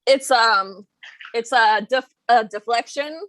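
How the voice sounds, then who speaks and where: A woman's voice: on the high side, takes it slowly, a bit bright, no room sound. A woman replying on a video call, hesitant and full of fillers. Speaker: call participant.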